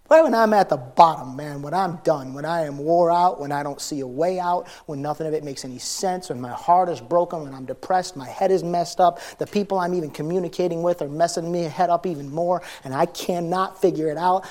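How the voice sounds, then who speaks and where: Man, middle-aged, pastor, sermon, conversational, higher-pitched voice, loud then hushed emphasis. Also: normal speed.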